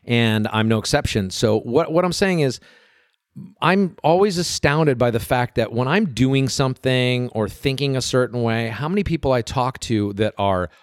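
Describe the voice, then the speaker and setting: A man co-hosting a podcast in casual chat, animated and playful, talking fast after his first caffeine. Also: medium pitch, dry recording, clean studio sound. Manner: animated, playful, jokes around. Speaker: podcast co-host.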